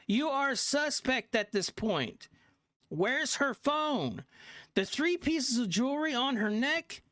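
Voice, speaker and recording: A reaction host talking slowly over clips in casual commentary, pushing the same questions again and again in frustration. The pitch swings widely while the pace stays unhurried, and the dry, close sound has almost no room around it. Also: very animated, fairly bright tone, no room sound. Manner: frustrated, repeats questions insistently.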